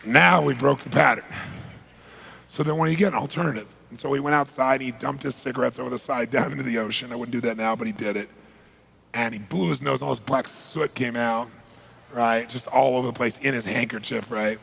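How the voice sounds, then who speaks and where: A man speaking as a motivational seminar speaker, telling an animated story in a gravelly voice and addressing a live audience directly. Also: mid-range voice, a little fast, a little hiss or hum.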